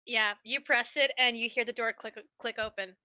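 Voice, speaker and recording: Bright, dry-voiced woman running the game. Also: a little high, steady tone, moderate pace, dry recording. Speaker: dungeon master. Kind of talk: running a tabletop game over voice chat.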